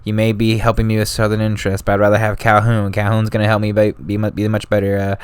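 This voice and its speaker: A man voicing a male politician who turns down a friend casually and apologetically, stumbling over his words, in a low, smooth voice. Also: monotone, fast talker, no echo, lightly acted. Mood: apologetic.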